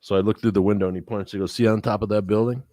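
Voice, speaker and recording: A man's voice: fairly low pitch, racing, no echo. A man telling a long story in casual chat as a podcast co-host, swearing freely and acting out the other people's lines. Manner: profane, animated storyteller acting out quotes.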